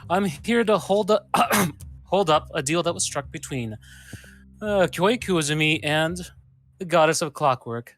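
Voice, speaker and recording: A man voicing a cheery but uncaring woman who keeps a deal, talking briskly and dismissively. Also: fairly high pitch, animated, a bit bright, soft background music, voice pushed up.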